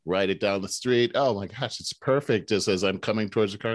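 A man co-hosting a casual chat, an animated storyteller who mimics noises in a high voice. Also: fairly quick, a little hiss or hum. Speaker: podcast co-host.

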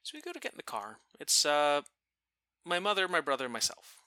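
A man casually telling a funny family story, animated and profane, laughing now and then. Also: fairly high pitch, a little fast, no echo. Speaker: storyteller guest.

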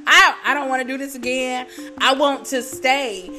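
A woman hosting her own podcast in a rambling, profane monologue, laughing at her own jokes and jumping between loud bursts and quiet asides. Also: moderate pace, soft background music. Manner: big swings in loudness and pitch, bursts of shouting. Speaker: podcast host. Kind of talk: casual solo podcast monologue.

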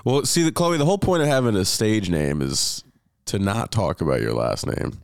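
A man, a comedian guest on a podcast, chatting casually and telling jokes with animated delivery. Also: fairly low pitch, normal speed, creaky, clean tone, dry recording, clean studio sound. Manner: animated joke telling, laughs often.

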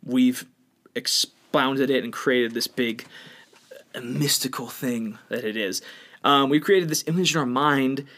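A blunt, opinionated man chatting casually on a podcast. His voice has an ordinary, middle pitch, and he lectures a little, with lively swings from loud emphasis to quiet, low asides. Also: a little slow. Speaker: podcast co-host.

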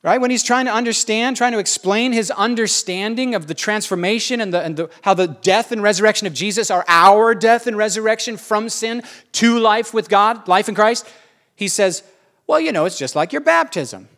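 Animated male preacher, fairly high voice. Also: normal speed. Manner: animated, conversational, emphatic questions. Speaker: pastor. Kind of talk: sermon.

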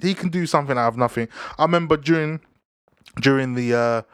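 A young man, giving casual football banter in an animated, slang-heavy way. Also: medium pitch, a little fast, clear, resonant tone, dry recording, clean studio sound. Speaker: football vlogger.

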